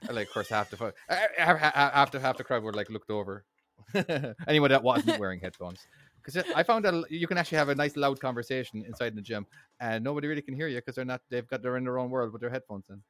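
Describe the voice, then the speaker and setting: A man chats casually as a podcast co-host, relaxed and a bit hesitant, restarting his thoughts often. His pitch moves with lively variation. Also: fast. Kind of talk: casual chat.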